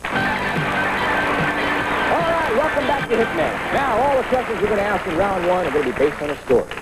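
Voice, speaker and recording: A man hosting a 1980s television game show, brisk and jokey as he introduces the players. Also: sits high, expressive, over a noisy crowd, poor audio. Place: TV studio. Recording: 1980s TV studio with music and audience.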